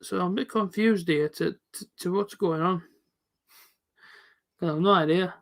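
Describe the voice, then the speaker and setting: A young man with a high, bright voice hosts a live football reaction stream. He chats casually with his viewers, answering them by name in loose, everyday slang. The talk is relaxed and unscripted. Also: moderate pace. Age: late 20s. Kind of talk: casual live commentary reading chat.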